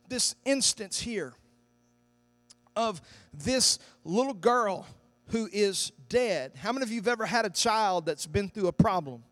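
High-voiced emphatic male preacher. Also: no room sound. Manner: emphatic, rising to loud declarations. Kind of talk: sermon.

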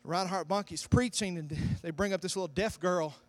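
High-voiced preacher telling a story. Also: male voice, moderate pace. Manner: storytelling, building to shouted climaxes. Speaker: pastor. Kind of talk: sermon.

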